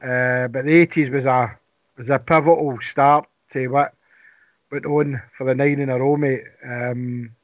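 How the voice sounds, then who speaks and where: Panelist, earnest, dry lo-fi sound. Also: male voice, medium pitch, fairly even intonation, a little slow, no echo. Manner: reminiscing, earnest. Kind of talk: casual fan chat.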